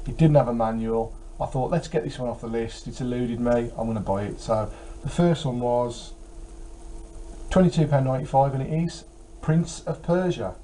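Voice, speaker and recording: A man's voice: mid-range voice, moderate pace, mellow, a little hiss or hum, poor audio. A tired man chatting casually about his game collection, rambling with many fillers. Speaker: retro game collector vlogger. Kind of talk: casual chat.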